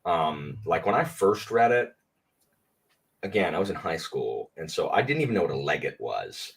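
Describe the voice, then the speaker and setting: A man with a low, husky voice, chatting as a podcast guest. His pitch swings widely, and he climbs high and gets emphatic when he pushes back on a point. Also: big pitch swings, moderate pace. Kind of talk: casual chat.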